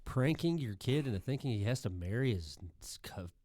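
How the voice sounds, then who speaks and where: A man's voice: mid-range voice, animated, brisk, mellow, no room sound. A man co-hosting a podcast, talking casually and rambling, with restarts and offhand swearing. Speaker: podcast co-host. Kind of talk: casual chat.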